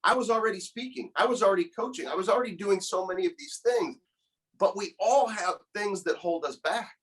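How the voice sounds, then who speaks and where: A man's voice: high voice, lively intonation, fairly quick, a bit bright, low-quality recording. A man in his thirties, a motivational speaker, telling a personal story in an earnest, emotional way and often repeating words as he starts a thought. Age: 30s. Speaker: guest, motivational speaker and coach. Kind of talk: conversational storytelling.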